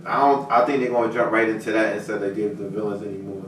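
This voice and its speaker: A man talks fast in a loose, rambling, slangy way during a casual chat. His voice comes from a distance in an echoing room with light hiss. He piles one thought on top of the next. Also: fairly low pitch, steady tone, fairly bright tone. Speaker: podcast co-host. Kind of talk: casual anime discussion. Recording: roomy room, distant mic, faint hiss.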